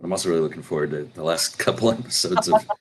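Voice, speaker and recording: A man co-hosting a casual podcast, relaxed and joking. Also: deep voice, rapid-fire. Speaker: podcast co-host. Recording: noisy mic with clicks.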